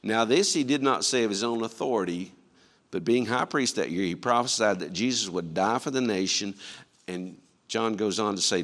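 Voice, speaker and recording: A man preaching a sermon, emphatic and full of rhetorical questions, shifting between quiet and loud passages. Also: fairly low pitch, moderate pace, in a large hall.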